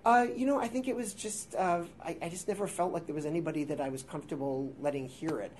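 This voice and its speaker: High-voiced man in his forties, rambling. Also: fast talker, a little mellow, slight background noise. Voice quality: high-pitched voice. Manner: rambling, self-deprecating, with filler words and restarts. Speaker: guest improviser. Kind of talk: casual interview storytelling. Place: theater workshop space before a live audience.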